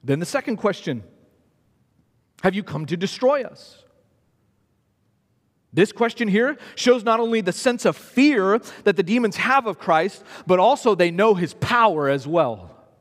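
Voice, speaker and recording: A man's voice: high-pitched, animated, moderate pace. A man preaching a sermon in an emphatic way, repeating phrases for stress. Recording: long reverb of a hall.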